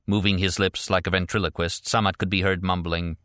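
A man narrating a thriller audiobook in a measured, even way. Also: deep voice, no echo, studio quality. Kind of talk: scripted narration.

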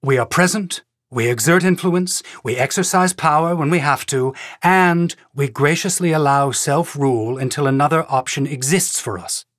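A man voicing a cautious planetary governor who speaks in a careful, measured way. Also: a little high, a bit bright, no room sound, studio quality, close to an everyday voice.

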